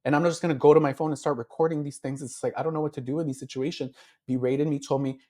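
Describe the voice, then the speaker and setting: A man's voice: on the high side, steady tone, rapid-fire, a little mellow. A beauty influencer, a man, speaking as an interview guest, telling his story in a heartfelt way with many fillers and acting out his own past thoughts. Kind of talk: candid emotional interview.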